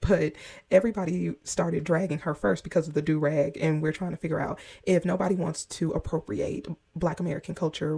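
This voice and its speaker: A woman hosting a reaction commentary, explaining in a measured way with frequent pauses. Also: on the low side, gravelly, mellow, husky. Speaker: commentary channel host.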